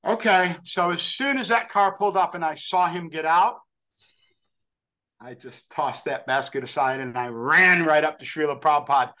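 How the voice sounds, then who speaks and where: An older man from New York, telling an animated, self-deprecating story as a podcast guest. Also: fairly high pitch, normal speed. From New York, USA. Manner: animated, acts out quoted voices, self-deprecating. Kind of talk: storytelling anecdote.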